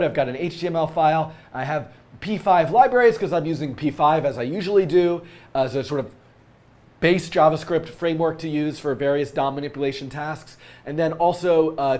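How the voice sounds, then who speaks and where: A man's voice: fairly high pitch, a little mellow. A man with a scratchy voice from a cold, hosting a live-coding tutorial and thinking aloud with frequent fillers.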